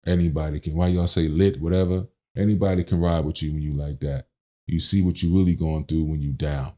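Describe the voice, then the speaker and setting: A low-pitched, mellow-toned middle-aged man tells a long personal story as a podcast guest. He talks in casual slang and acts out quoted lines with animation. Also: fairly even intonation, a little fast.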